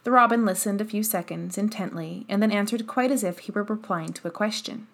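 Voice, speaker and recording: Calm female audiobook narrator, mid-range voice, even storytelling. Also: medium pitch, a little fast, creaky. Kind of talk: scripted narration.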